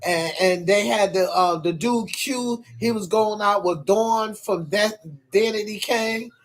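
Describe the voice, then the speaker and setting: A man with a high voice chats casually to his livestream viewers, rambling and swearing through a string of hesitations. He talks at an unhurried, slow pace. He comes from New York. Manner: rambling and profane, full of hesitations.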